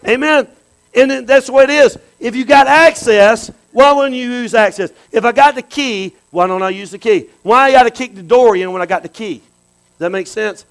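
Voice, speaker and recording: A man preaching a sermon, animated, dropping to quiet asides and rising to shouts. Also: very high-pitched, moderate pace, poor audio. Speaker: pastor.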